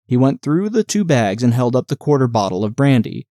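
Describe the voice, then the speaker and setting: Expressive male audiobook narrator. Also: mid-range voice, fairly quick, no room sound, studio quality. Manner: expressive, dialogue-driven reading.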